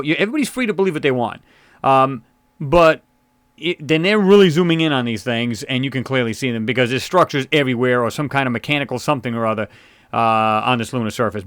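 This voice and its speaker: On his own channel, a man gives a casual screen-share commentary on photos, rambling with many fillers and restarts. His medium-pitched voice is a bit bright and scratchy in the throat, with no room sound.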